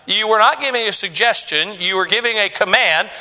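A man's voice: sits high, a little fast, bright, forceful tone. A male pastor preaching a sermon, emphatic and repetitive, often restarting and stammering as he makes his point.

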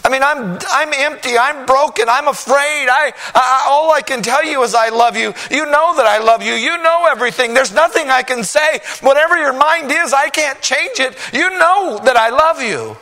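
A man voicing a grieving male apostle, pleading in a strained, cracking voice close to shouting. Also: very high-pitched, moderate pace, few pauses, voice pushed up, full character voice, poor audio. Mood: desperate pleading.

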